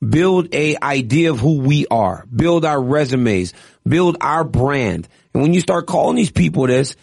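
Dude co-hosting sports radio, earnest, keeps saying right, dry mic. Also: male voice, on the high side, no echo. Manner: earnest, reflective, leans on "right?". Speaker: radio co-host and fight analyst.

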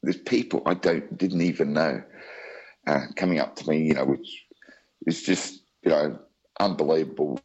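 Very deep-voiced Australian man. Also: moderate pace, a little mellow, breathy edge, lo-fi sound. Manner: chatty, rambling with many asides. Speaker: interview guest. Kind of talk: storytelling in an interview.

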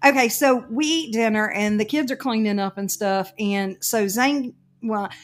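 Woman ranting through a funny story, kinda high voice, faint music behind. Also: normal speed. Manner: animated, exasperated storytelling. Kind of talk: casual storytelling chat.

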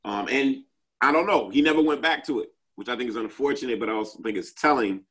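A man's voice: mid-range voice, fast, fairly bright tone, rough recording. A man in a casual group chat, talking at length with many fillers and restarts.

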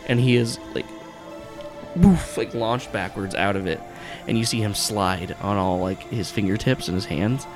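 Low-voiced man narrating a tabletop game. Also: normal speed, few pauses, over music. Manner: rambling, full of fillers and swearing. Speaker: game master.

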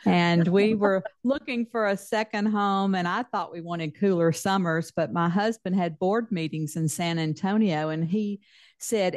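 Older woman, Mississippi Southern accent, lowish voice, gentle storyteller, podcast guest. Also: unhurried, no echo, studio quality. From Mississippi, US Deep South. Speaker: author guest. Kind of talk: casual interview chat.

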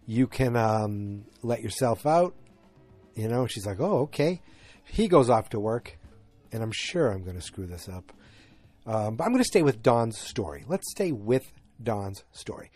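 A man's voice: fairly low pitch, animated, unhurried, a little mellow, faint music behind. Rambling man with a Boston accent. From north of Boston, USA. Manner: rambling, full of fillers and asides. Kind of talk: casual TV recap.

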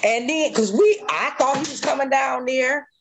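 There's slight background noise as a woman with a high voice tells an interviewer about a harrowing event at a moderate pace. Her vivid, emotional account includes repeated phrases and sound effects, her voice rising and falling sharply, occasionally close to tears.

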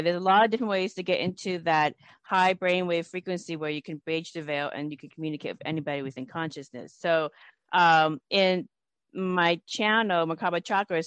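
A woman's voice: fairly low pitch, fairly even intonation, brisk, clean tone, dry recording. A woman hosting an interview, earnestly explaining her ideas at length. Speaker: podcast host and hypnotist. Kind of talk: conversational interview.

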